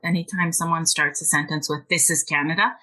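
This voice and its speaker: A woman's voice: low voice, steady tone, a little fast, a crowd in the background, poor audio. A woman, a guest author and language teacher, talking emphatically and at length in a podcast interview. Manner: passionate, emphatic and talkative.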